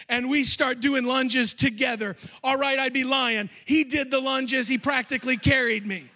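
High-voiced bright male pastor preaching. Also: steady tone, unhurried. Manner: storytelling, emphatic, addressing the congregation. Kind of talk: sermon. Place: church.

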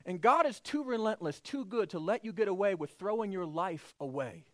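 Brief: male pastor, expressive high voice, dry close recording, storytelling sermon. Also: normal speed, dry recording. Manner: animated storytelling, acts out voices.

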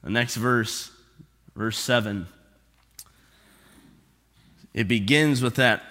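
A man preaching a sermon as pastor, stressing and repeating key phrases slowly for emphasis. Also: mid-range voice, bright, forceful tone. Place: church sanctuary. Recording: long hall reverb.

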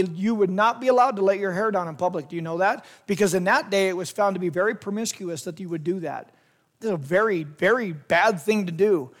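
A youth pastor, a man retelling a scripture story vividly and speaking straight to young listeners. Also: sits high. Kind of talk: storytelling sermon to a youth group.

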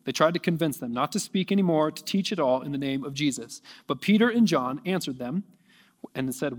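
A man preaching a sermon, reading scripture aloud and rising to near shouting at its peaks. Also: a little high, animated, brisk, in a large hall. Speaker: pastor.

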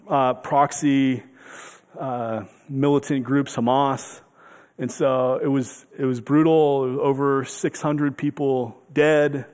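A man's voice: on the high side, darkish tone, big-room sound. A man preaching a sermon as pastor, earnest, often repeating and restarting words as he presses each point. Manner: earnest, repeats words and restarts, voices God's words with rising emphasis.

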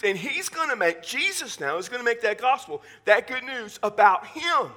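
A male pastor with a Southern Texas accent preaching a sermon in church, animated and full of joking asides. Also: very high-pitched, moderate pace.

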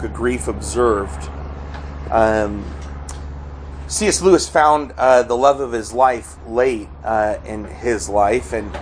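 A man preaching a sermon, earnest, often crying out quoted pleas loudly. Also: mid-range voice, slight background noise, low-quality recording. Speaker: pastor.

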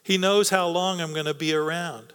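A man's voice: a little high, steady tone, normal speed, a bit bright, clear, resonant tone. A man preaching a sermon in an earnest, coaxing way, repeating words for emphasis. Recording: long reverb of a hall.

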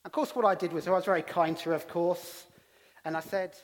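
A man's voice: sits high, steady tone, brisk. A middle-aged English man preaching as a pastor, telling stories with self-deprecating humour. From England. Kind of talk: sermon. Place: church hall. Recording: long reverb of a church hall.

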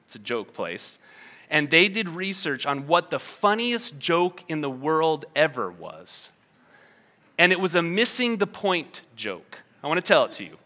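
A man's voice: a little high, big pitch swings, unhurried, pushed and bright. A man preaching a sermon in a conversational, emphatic manner, with playful asides to the congregation. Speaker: pastor.

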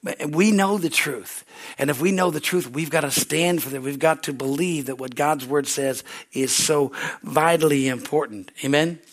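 A man's voice: on the high side, moderate pace. A man preaching a sermon as pastor at a church service, telling stories animatedly with frequent restarts.

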